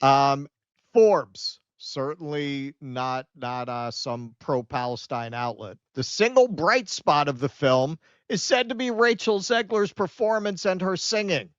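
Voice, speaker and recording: A man hosting a political commentary podcast, sarcastic, with animated, swearing rants. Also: a little high, measured pace, smooth, no echo. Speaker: podcast host. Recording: dull lo-fi dry sound.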